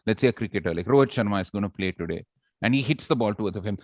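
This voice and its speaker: A man's voice: lowish voice, very fast, no echo. A man giving a public speaking workshop, playful and quizzing his audience as he demonstrates. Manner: lively, playful, talks to the audience with questions and demonstrations. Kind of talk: live workshop talk.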